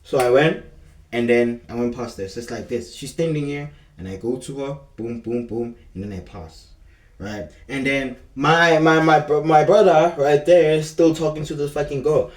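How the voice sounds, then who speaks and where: Here a young South African guy chats through a casual story in rambling street slang, repeatedly addressing the viewer as "bro." His voice sits at medium pitch and normal speed, captured far from the mic in an echoey space.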